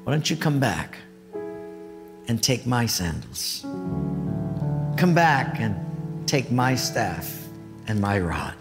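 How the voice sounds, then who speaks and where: A man voicing God as a patient, commanding father, speaking in low, firm, steady commands. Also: moderate pace, hardly any pauses, over loud music, lightly acted. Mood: gentle.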